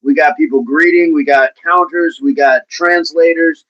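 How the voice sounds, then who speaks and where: A man hosting a fitness livestream in a casual, upbeat way, chatting and giving playful shout-outs to viewers by name. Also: on the high side, steady tone, moderate pace, muffled recording. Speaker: livestream host of a fitness channel. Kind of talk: casual livestream chat, reading out viewer comments.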